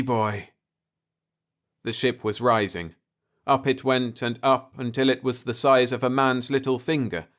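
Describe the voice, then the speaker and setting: A man narrating a bedtime story in a calm, unhurried way. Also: mid-range voice.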